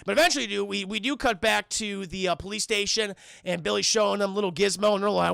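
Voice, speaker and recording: A young man recaps a film for his live-stream chat, swearing often and wandering off into asides. His voice sits high and gravelly, with a bright, forceful edge. He sounds close to a dry desk mic. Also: fast, dry recording. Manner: profane, rambling, constantly addressing chat.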